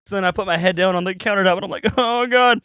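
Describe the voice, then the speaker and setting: A man's voice: high-pitched, rapid-fire, smooth, dry recording, studio quality. A young man hosting a podcast, telling a story in casual, profane chat and acting out the quotes in other voices. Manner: animated, profane, acts out quotes in shifting voices. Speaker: podcast host.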